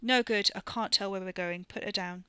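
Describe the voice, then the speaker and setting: A woman's voice: mid-range voice, fairly even intonation, normal speed, fairly bright tone, smooth, no echo, close to an everyday voice. A woman reading the part of an irritable young man, swearing and teasing. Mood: exasperated. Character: irritable young British man, blunt and sarcastic.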